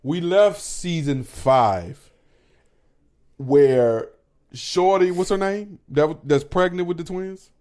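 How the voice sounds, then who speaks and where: A man co-hosts a podcast from home in casual chat, swearing and laughing often. His voice is fairly high, slow-paced and darkish in tone.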